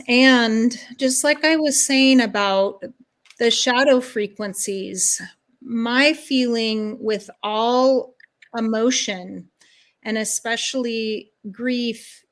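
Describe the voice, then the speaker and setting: A woman spiritual guide speaks as a talk-show guest, unhurried and fairly high in pitch. Her manner is earnest and soothing. She strings her thoughts together in long, flowing lists. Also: steady tone, a bit bright. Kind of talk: interview answers.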